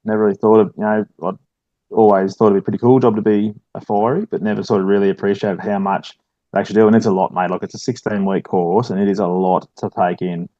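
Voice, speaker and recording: Laid-back Australian man, flat low voice. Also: fast, no echo, dull audio. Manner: laid-back, many fillers, says "mate" often. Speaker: guest, firefighter and army veteran. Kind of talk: casual podcast chat.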